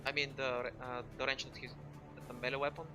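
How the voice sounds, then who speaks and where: A man's voice: medium pitch, flat delivery, brisk, over music. A man playing a tabletop game, chatting about the rules and describing what his character does. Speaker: player. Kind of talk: casual tabletop game play.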